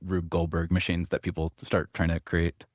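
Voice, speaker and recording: A man who is a company co-founder, talking as a podcast guest in a quick, energetic way full of restarts. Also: low voice, dry recording, studio quality. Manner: fast, energetic talker with many restarts and "like"s. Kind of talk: casual interview chat.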